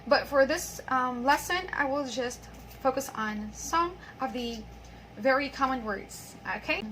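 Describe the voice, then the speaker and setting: A young woman hosting an English pronunciation lesson, explaining rules and reading example words and sentences aloud with clear stress. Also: sits high, measured pace, a bit bright, a little hiss or hum, rough recording. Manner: explains with repeated filler phrases like "by the way".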